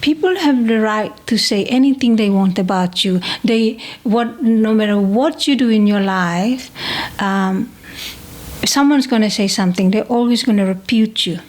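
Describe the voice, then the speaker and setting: A woman's voice: mid-range voice, darkish tone, low-quality recording. A woman in casual conversation as interviewer, thoughtful, often stopping to restart her sentences. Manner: reflective, halting with many restarts.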